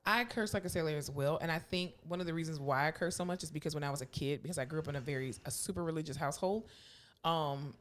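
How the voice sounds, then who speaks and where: A woman co-hosting a podcast in casual chat, candid, laughing often and acting out quotes loudly. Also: deep voice, quick pace. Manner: animated storyteller, acts out quotes loudly. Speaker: podcast co-host.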